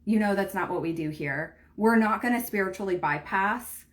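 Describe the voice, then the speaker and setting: A woman's voice: mid-range voice, normal speed. Earnest woman coaching on a livestream. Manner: earnest, heartfelt, leans heavily on "like" and "right?"; speaks direct encouragement to the viewer. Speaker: spiritual coach. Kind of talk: motivational livestream talk.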